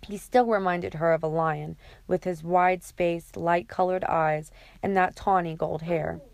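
A woman narrating an audiobook chapter in a steady, even reading. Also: on the low side, unhurried, vocal fry.

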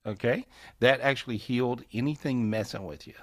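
A man's voice: medium pitch, a little fast. A man hosting a live spiritual healing call-in over a video call, folksy and repetitive, laughing often. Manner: warm, folksy, repeats phrases, laughs often. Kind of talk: casual live call-in session.

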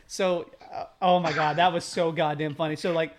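A man's voice: on the high side, little pitch movement, moderate pace, a little hiss or hum. A young man on a podcast telling a story animatedly, swearing often and acting out the people he quotes. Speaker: podcast co-host. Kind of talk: casual chat.

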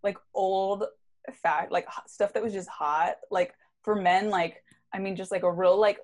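A woman's voice: mid-range voice, fairly even intonation, unhurried. Chatty woman co-hosting with many fillers. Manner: chatty, uses many fillers, laughs easily. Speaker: podcast co-host. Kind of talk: casual chat.

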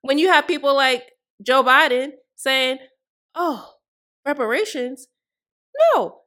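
A woman's voice: sits high, steady tone, a little slow, pushed and bright. A woman hosting a solo podcast, delivering fiery, profane commentary full of rhetorical questions. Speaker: podcast host.

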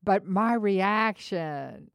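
Woman, middle-aged, faith-based teaching talk, animated storyteller, clear resonant voice. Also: medium pitch, very slow, dry recording, clean studio sound. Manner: animated storyteller, acts out both sides of a phone call. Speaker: co-host.

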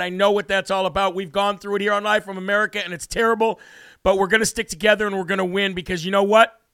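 Radio host guy, gravelly bright voice, repeats himself for punch, worked up, dry mic. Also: high voice, dry recording. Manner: emphatic, repeats phrases, preacher-like cadence. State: emotionally worked up. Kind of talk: talk radio monologue.

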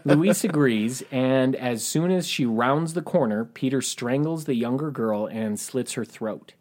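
A man's voice: mid-range voice, unhurried, hardly any pauses, a little mellow. Dry-voiced man narrating true crime. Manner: dry, matter-of-fact narration with wry asides. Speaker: podcast host.

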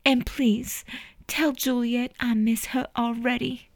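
A woman's voice: mid-range voice, measured pace, dry recording, pitched above the performer's own voice, natural voice. A woman doing a frail, whispering mother. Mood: tearful, gentle. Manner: soft, near-whispered. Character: grieving mother, soft-spoken, frail.

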